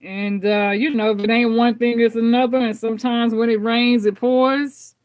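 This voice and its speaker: A woman's voice: fairly high pitch, level tone, moderate pace, darkish tone. A woman hosting a tarot live stream, chatting heartfelt and casual with her viewers, laughing often and repeating herself.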